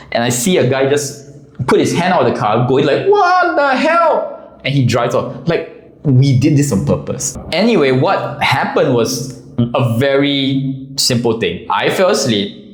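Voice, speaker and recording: Animated man telling a story. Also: mid-range voice, roomy sound. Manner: animated, acts out voices and gestures. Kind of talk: casual anecdote to camera.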